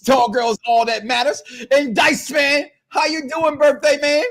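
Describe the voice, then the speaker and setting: Loud joking high-voiced male host. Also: steady tone, a little slow. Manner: loud, joking, boisterous, trash-talking. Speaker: show host. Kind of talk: casual wrestling talk show.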